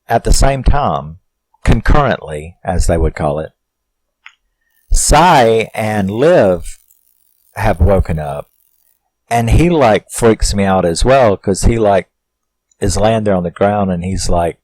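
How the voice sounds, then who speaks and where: A man with a deep, low voice talks through a horror movie's plot in a loose, rambling way. He swears freely and keeps drifting into asides where he questions himself. The sound is dry and close, with no room echo. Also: animated, slow, pauses often, darkish tone. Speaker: horror film reviewer. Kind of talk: casual film recap.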